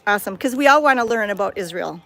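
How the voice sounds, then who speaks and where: A woman's voice: mid-range voice, animated, fast, a bit bright. A woman vlogging on a phone camera outdoors at a cat sanctuary, chatting in a bubbly, enthusiastic way. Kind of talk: casual walking vlog. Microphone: handheld phone camera.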